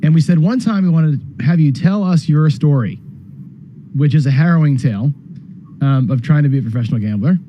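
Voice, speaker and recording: A man hosting a live gambling charity stream, rambling casually and clearing his throat as he talks. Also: fairly high pitch, brisk, slight background noise. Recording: dull, dry lo-fi stream audio.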